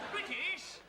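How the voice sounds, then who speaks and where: An actor playing a bumbling British airman who speaks in halting, broken phrases. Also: extremely high pitch, pushed and bright, full character voice. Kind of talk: 1980s studio sitcom acting. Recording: distant noisy sitcom clip with studio audience laughter.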